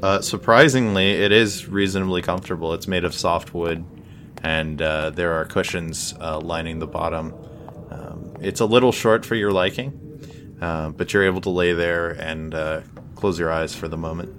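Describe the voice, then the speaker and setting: A man narrating as game master of a tabletop game, halting, with many fillers. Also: low-pitched, fairly even intonation, background noise.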